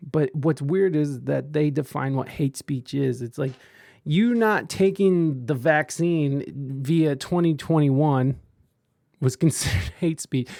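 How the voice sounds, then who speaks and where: A man's voice: medium pitch, vocal fry, dark tone, dry recording, clean studio sound. A man hosting a podcast, rambling through casual commentary with stumbling restarts and crude jokes. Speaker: podcast host reading chat.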